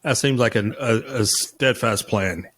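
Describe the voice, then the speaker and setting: A man's voice: on the low side, unhurried, fairly bright tone. A man hosts a casual podcast interview. He asks questions and teases his guest with dry humor. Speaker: podcast host.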